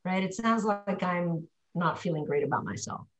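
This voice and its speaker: A woman's voice: fairly low pitch, moderate pace, echoey room, poor audio. A woman working as a voice and pronunciation coach, explaining on a group call and modeling words aloud.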